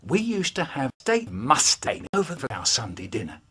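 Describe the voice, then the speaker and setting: A man telling children's stories, spliced into a comedy remix, with animated delivery, sudden shouts and silly voices. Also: mid-range voice, moderate pace, noisy background. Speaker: children's poet reading stories.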